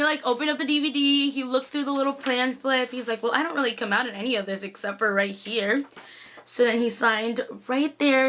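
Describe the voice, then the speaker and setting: A woman vlogger telling a story to camera in a casual, excitable, gushing way, full of "like"s. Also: a little high.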